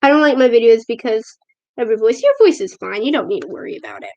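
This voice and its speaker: A slightly high female voice in loose, unscripted chat, reading out viewer comments and running herself down. She fills her talk with "like" and "I don't know". The sound comes from a tablet's built-in microphone at home. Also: animated, fast talker, vocal fry, dark tone, lo-fi sound. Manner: chatty and self-deprecating, with frequent fillers. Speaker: livestream host. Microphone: tablet camera microphone.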